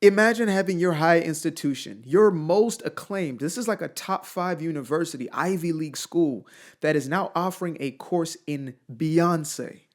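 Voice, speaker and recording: Animated man ranting to camera. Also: high-pitched. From outside the United States. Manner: animated, emphatic, rhetorical questions, colloquial. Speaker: commentator. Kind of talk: solo opinion rant to camera.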